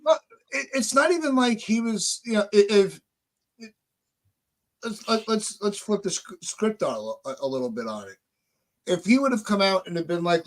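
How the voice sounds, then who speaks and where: High-pitched and lively in intonation, this man talks at a moderate pace with long pauses. As a podcast host in a heated casual chat, he vents angrily, curses, and repeatedly starts his sentences over.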